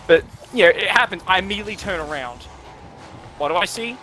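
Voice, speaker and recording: A man's voice: high-pitched, lively intonation, fast talker, sharp tone, faint music behind. A young man who tells a rambling, sweary story while gaming with friends. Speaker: streamer and gamer.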